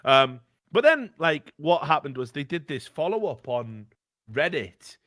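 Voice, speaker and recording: A man's voice: on the high side, big pitch swings, measured pace, fairly bright tone, dry recording, clean studio sound. A man co-hosting a casual podcast, talking in a rambling, emphatic, profane way. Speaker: podcast co-host.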